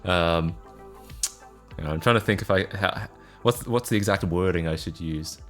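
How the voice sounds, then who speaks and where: Laid-back Australian man, low voice. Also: normal speed, faint music behind. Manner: chatty and self-mocking, laughing often, answering chat. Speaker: streamer. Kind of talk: casual live-stream chat.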